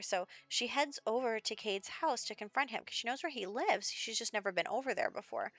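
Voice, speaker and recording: A woman's voice: mid-range voice, a little fast, fairly bright tone, no room sound. Chatty woman narrating a life-sim game. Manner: chatty, storytelling, heavy use of "like" and "you know". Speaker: Sims let's play host. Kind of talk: casual gameplay narration.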